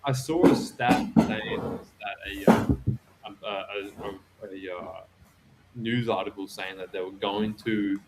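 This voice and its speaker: Brief: low-pitched young Aussie co-host, easygoing chat, light background noise. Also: male voice, fairly even intonation, slow pace. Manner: laid-back, laughing, says bro and dude. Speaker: podcast co-host. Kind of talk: casual livestream chat.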